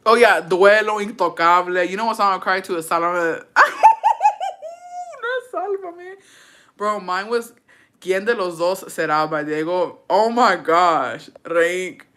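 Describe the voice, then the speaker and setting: A woman's voice: on the low side, unhurried, fairly bright tone. A young adult woman telling a story in a casual vlog chat, brash and profane, dramatic, and dropping in Spanish phrases. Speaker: vlogger.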